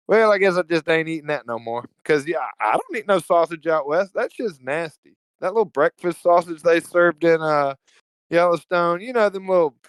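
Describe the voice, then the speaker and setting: A man with a Southern Alabama drawl chats as a podcast guest in a loose, jokey, profane way. His voice is smooth and resonant. The sound is close and dry. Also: fairly high pitch, no room sound, poor audio. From Evergreen, Alabama, US. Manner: laid-back, profane, slangy, jokey. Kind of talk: casual conversational storytelling.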